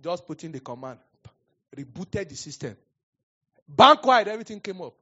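A man with a Nigerian accent preaching a sermon, telling animated stories and laughing often. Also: fairly high pitch, normal speed, breathy edge. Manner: animated storyteller, laughs often, acts out quotes. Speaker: pastor. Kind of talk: sermon with storytelling. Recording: dull lo-fi sound.

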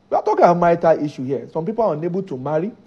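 A man's voice: on the high side, breathy edge, muffled recording. A man preaching a sermon, driving his points home by repeating key phrases.

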